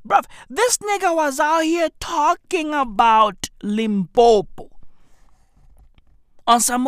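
A woman vents in a comedic rant, full of slang and sudden shouting. Her voice sits fairly high and swings through a very wide range. She talks slowly, and the sound is close and dry. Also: no room sound. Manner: animated, slangy, bursts into shouting. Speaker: vlogger.

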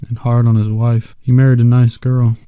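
A man's voice: mid-range voice, little pitch movement, normal speed, clean tone, no echo, lo-fi sound, close to an everyday voice. A man voicing a chatty, folksy small-town realtor in a short story reading.

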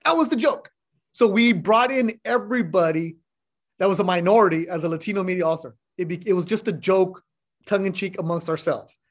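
Appearing as a podcast guest, this middle-aged sports broadcaster chats casually in a fairly high-pitched voice that runs a little fast. His storytelling is blunt and animated, with the occasional curse word.

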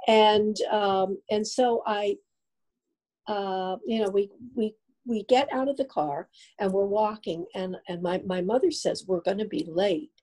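Older woman from New Jersey, outgoing storyteller, husky dark voice. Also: mid-range voice, measured pace, low-quality recording. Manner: chatty, animated storyteller. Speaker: psychic guest. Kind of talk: casual interview storytelling.

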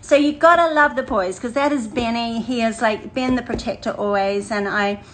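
An older woman, chatting warmly and energetically to a women's church group, laughing often and repeating phrases. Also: fairly high pitch, moderate pace, low-quality recording. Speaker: women's ministry leader. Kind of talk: casual livestream chat to a women's group.

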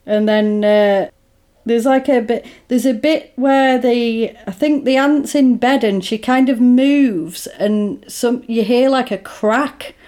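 A woman's voice: fairly high pitch, slow pace, warm tone. A woman chatting casually as a co-host, retelling a film scene by scene, with lots of "like" and "basically", and acting out the characters' lines. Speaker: podcast co-host recapping a film. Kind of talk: casual chat.

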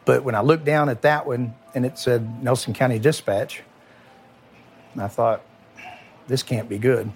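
A middle-aged man, a former police chief, recounting a night in a halting, emotional way with many repeated words. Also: medium pitch, steady tone, faint music behind.

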